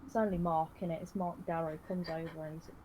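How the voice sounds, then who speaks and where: A woman, telling a rambling, deadpan comic story on a live game stream, full of fillers. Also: low-pitched, quick pace, slight background noise, low-quality recording.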